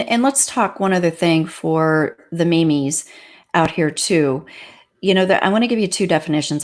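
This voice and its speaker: A woman grief counselor on a talk show, teaching in a repetitive, emphatic way. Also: lowish voice. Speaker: pet loss grief counselor. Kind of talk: livestream talk show chat.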